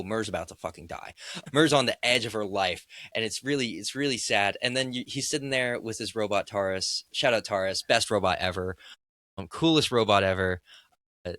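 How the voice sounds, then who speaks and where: Excitable man rambling about films. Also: on the low side, no room sound, clean studio sound. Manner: excitable, rambling with many restarts and fillers. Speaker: guest filmmaker. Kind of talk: casual film discussion.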